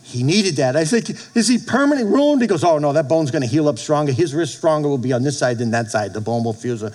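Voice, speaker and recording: A middle-aged man, a pastor, preaching a sermon in an animated way, often laughing and acting out little quotes. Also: mid-range voice, quick pace.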